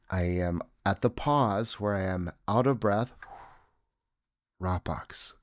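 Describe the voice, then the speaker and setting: A man's voice: medium pitch, a little mellow, no room sound, studio quality. A man giving a reflective teaching talk with a breathing exercise, earnest and musing, with audible exhaled sighs. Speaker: self-help teacher.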